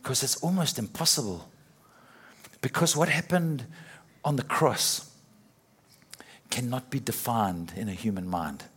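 A man's voice: mid-range voice, measured pace, long pauses, fairly bright tone, husky. A middle-aged man preaching a sermon in a conversational way, with repetitions and playful acted-out quotes.

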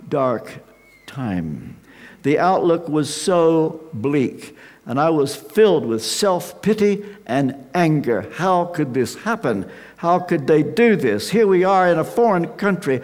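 An older man preaching a sermon, slow and emphatic with dramatic pauses. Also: on the high side, creaky, darkish tone. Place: large hall with an audience. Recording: reverberant hall sound.

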